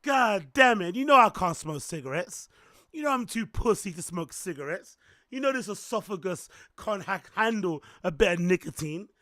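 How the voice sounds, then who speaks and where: Hoarse, high-pitched streamer man. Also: animated, normal speed, dry recording, studio quality. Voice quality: rough smoker-like voice. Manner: loud playful banter with chat. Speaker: streamer host. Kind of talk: casual livestream chat.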